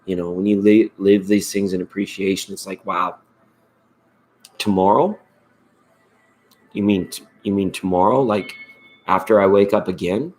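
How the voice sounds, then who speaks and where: Rambling, playful low-voiced man. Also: steady tone, normal speed, darkish tone. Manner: rambling, playful, laughs often. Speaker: tarot reader and live-stream host. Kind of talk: casual live-stream chat.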